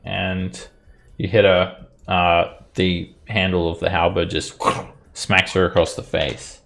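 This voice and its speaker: A man narrating a tabletop game as dungeon master, relaxed with many fillers. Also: sits low, slow, vocal fry.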